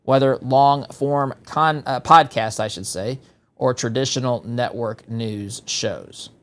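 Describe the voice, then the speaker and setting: A man's voice: medium pitch, slow, fairly bright tone. A man hosting a political talk show, commenting in a sarcastic, exasperated way. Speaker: talk radio host.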